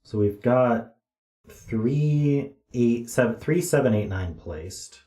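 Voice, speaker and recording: A tired man thinking aloud as he solves a puzzle on a stream, slowly counting digits under his breath. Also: mid-range voice, animated, warm tone, roomy sound. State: tired, yawning. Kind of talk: thinking aloud while solving.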